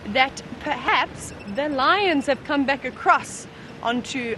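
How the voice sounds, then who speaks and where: Female safari presenter, high and bright, bubbly and excited, faint engine noise outdoors. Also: slow. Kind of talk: live safari commentary from a moving vehicle. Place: open safari vehicle outdoors.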